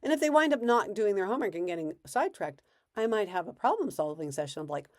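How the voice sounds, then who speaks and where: A woman's voice: medium pitch, sing-song, quick pace, a little mellow, dry recording, studio quality. A woman parenting coach giving casual advice in a conversational way, acting out bits of parent and child dialogue.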